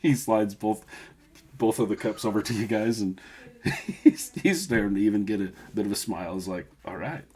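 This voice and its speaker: Male game master, low-pitched and giggly, running a tabletop scene. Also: normal speed. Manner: laughs often, lively narration.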